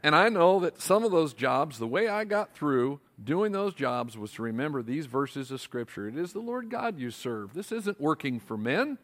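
A male pastor preaching a sermon, asking his congregation rhetorical questions in an animated way. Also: on the high side, normal speed, few pauses.

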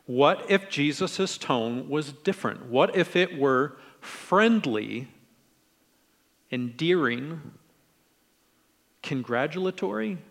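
A middle-aged man preaching a conversational sermon in a relaxed, friendly way, acting out quoted lines in different tones. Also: fairly high pitch, slow pace, creaky, long pauses, long reverb tail. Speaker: pastor.

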